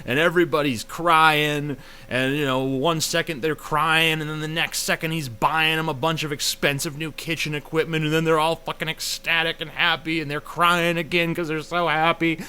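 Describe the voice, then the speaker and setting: Young American guy doing a sweary, rambling review rant; crisp, bright voice. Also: on the high side, little pitch movement, normal speed. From United States. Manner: profane, rambling, sarcastic. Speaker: video reviewer. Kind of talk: casual ranting review.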